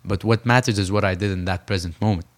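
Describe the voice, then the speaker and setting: A man's voice: low-pitched, steady tone, fast. A young man from Saudi Arabia, a professional boxer, talking earnestly in an interview and repeating phrases for emphasis. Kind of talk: reflective interview conversation.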